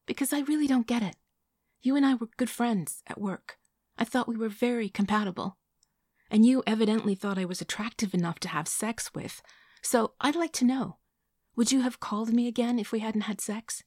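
Hurt, pressing young woman, tense and raised, read by a woman narrator, husky edge. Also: a little high, moderate pace, darkish tone, no echo, studio quality, voice pushed up, natural voice.

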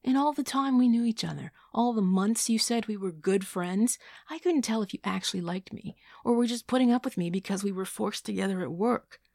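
A woman's voice: medium pitch, brisk, vocal fry, mellow, dry recording, studio quality, pitched above the performer's own voice. A woman voicing a blunt, evasive man who hesitates and then speaks frankly about a breakup.

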